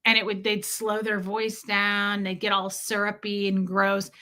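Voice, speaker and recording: A woman frankly telling a painful personal story, uneasy and halting at times, with some swearing. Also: mid-range voice, monotone, pushed and bright. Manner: uneasy, halting and self-correcting.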